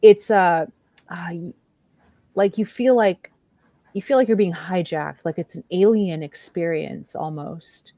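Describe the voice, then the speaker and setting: A woman co-hosting a podcast, chatting casually and telling candid, animated stories. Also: lowish voice, a little slow, dry recording. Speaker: podcast co-host. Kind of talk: casual chat.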